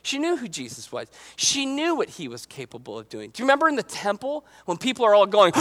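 A man preaching a casual, joking sermon in an animated, conversational way. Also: very high-pitched, brisk. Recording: long hall reverb.

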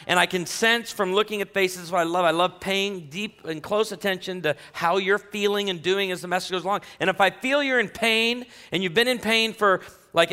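Joking pastor, bright tone, hall echo. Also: male voice, high voice. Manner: joking, self-deprecating, conversational; talks directly to the congregation. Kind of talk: sermon. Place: church sanctuary.

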